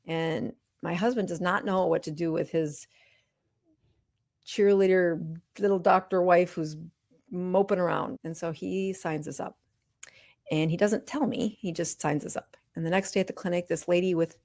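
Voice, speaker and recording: A woman's voice: lowish voice, no echo, studio quality. A middle-aged woman physician, a podcast guest, telling her personal story candidly and with liveliness, acting out exchanges.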